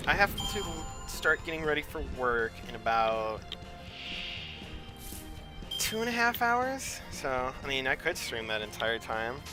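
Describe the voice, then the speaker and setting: A man's voice: mid-range voice, very animated, measured pace. A young man rambling casually on his gaming stream, chatty and loose, with swearing. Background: game music playing.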